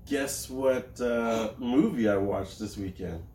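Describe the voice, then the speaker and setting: A man's voice: mid-range voice, slow, a little mellow, reverberant, recorded from a distance. A man co-hosting a podcast, trading jokes in casual banter. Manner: joking banter. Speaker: podcast co-host. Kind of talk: casual chat.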